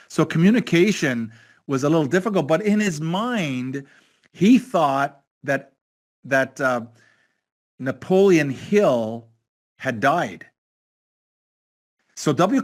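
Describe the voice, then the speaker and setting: A man with a slightly raised voice leads a motivational training call. He tells a business anecdote and voices the people in it, often restarting his sentences as he goes. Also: a little high. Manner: storytelling, repeats words and restarts, acts out quoted dialogue. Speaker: network leader presenting a training call. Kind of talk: motivational talk with retold anecdote. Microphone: online call.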